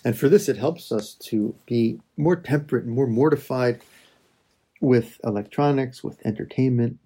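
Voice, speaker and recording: A man leading a slow, reflective spoken prayer meditation, addressing God and his listeners with soft pauses. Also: medium pitch, breathy edge.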